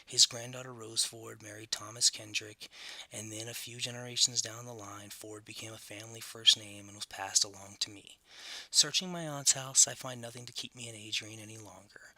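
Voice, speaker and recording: Southern-born guy reading his doc narration, gravelly edge, super bright and dry. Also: fairly low pitch, fairly even intonation, moderate pace, dry recording. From Southern United States. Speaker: documentary narrator. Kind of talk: scripted personal narration.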